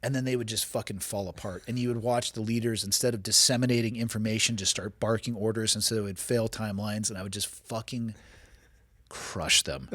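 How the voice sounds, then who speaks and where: A man's voice: on the low side, steady tone, fairly quick, a bit bright, dry recording. A man in his forties hosting a podcast, talking bluntly and wryly with plenty of profanity in casual chat. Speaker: podcast host.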